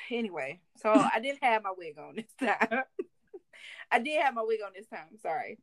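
A woman's voice: mid-range voice, sing-song, measured pace, a bit bright, no echo. A young woman in her twenties co-hosting a podcast, telling a work story in casual, slangy chat and slipping into voices when she quotes people. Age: 20s. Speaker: podcast co-host.

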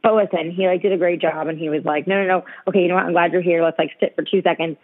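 A woman's voice: fairly low pitch, very fast. A woman co-hosting a podcast, telling stories in casual chat and saying "like" constantly. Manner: animated storytelling, heavy use of "like". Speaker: podcast co-host. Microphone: call. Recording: tinny phone-line call.

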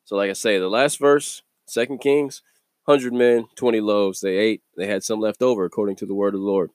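A man hosting a daily devotional video, teaching from the Bible in a relaxed, conversational way and chuckling between thoughts. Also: on the low side, fairly quick, dry recording, studio quality.

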